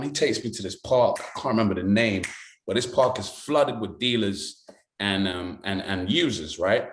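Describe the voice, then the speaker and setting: Lively British man telling a story. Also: lowish voice, moderate pace, roomy sound, slight background noise. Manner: lively storyteller who slips into voices. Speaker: actor guest. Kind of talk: animated storytelling in conversation.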